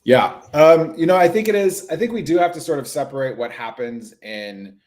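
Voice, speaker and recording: Chatty, animated man on a livestream. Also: fairly high pitch, moderate pace. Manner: animated, chatty, lots of fillers. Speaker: nurse practitioner guest. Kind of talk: casual livestream chat.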